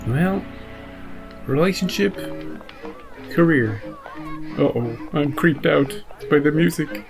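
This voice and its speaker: A man hosting a reaction video, rambling and joking with animated outbursts in casual commentary. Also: on the high side, slow pace, gravelly, over music.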